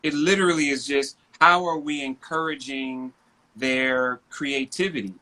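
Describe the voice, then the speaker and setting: A man's voice: mid-range voice, unhurried. A man in his thirties chatting casually on a video call, telling family stories animatedly and acting out his children's voices. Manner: animated storytelling, acts out his kids' voices. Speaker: guest. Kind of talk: casual chat.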